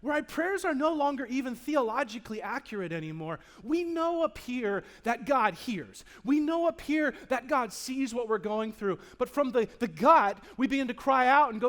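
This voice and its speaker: A man preaching a sermon to a live congregation. He speaks dramatically, acts out the people in the story, and swings between hushed and loud delivery. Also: very high voice, animated, moderate pace, hardly any pauses. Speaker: pastor. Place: church in front of a live congregation.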